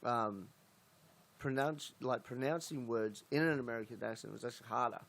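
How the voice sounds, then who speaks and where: A man's voice: medium pitch, normal speed, gravelly, fairly bright tone. A man with an Australian accent and a nasal voice, hosting a casual chat in a laid-back, blunt way.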